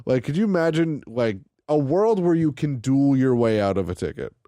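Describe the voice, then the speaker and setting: Young man, lively swooping voice, dry close sound, excitable, swears, casual podcast chat. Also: normal speed, dry recording. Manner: excitable, swearing, jumps up in pitch when worked up. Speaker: podcast co-host.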